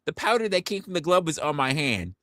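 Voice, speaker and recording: A man putting on a flirty female nurse with a high, sing-song voice, coy and teasing, sounding falsely innocent as she bends the rules. The voice sits well above his own and swoops around. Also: very animated, a little fast, pushed and bright.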